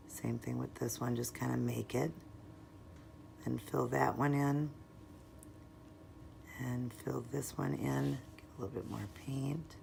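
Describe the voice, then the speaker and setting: A woman with a strikingly deep, gravelly voice narrates a nail art tutorial at home. She chats casually, explaining every step, and now and then drops into a soft murmur as she concentrates. A faint hiss sits under the recording.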